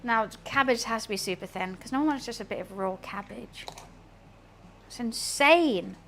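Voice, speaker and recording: Young British woman, streamer cooking live, slightly high voice, flat chatty delivery, faint background noise. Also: moderate pace. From United Kingdom. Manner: chatty, deadpan-sounding, reads and answers chat while cooking. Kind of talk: casual cooking stream chat.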